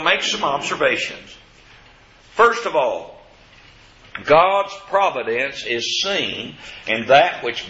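A man's voice: medium pitch, pushed and bright. Preacher man teaching in a roomy hall. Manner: slow, deliberate teaching with scripture quotes. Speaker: preacher teaching a Bible study. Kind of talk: evening Bible study sermon. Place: church classroom with a board. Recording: roomy, dull lo-fi recording.

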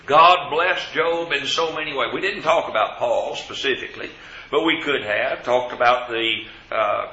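A man preaching an evening Bible study, teaching slowly and deliberately and quoting scripture. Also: medium pitch, pushed and bright. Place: church classroom with a board. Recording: roomy, dull lo-fi recording.

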